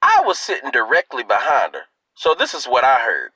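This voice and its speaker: A man telling a comic story to his viewers in a playful, animated way. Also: mid-range voice, brisk, husky, no room sound, low-quality recording. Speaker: video host.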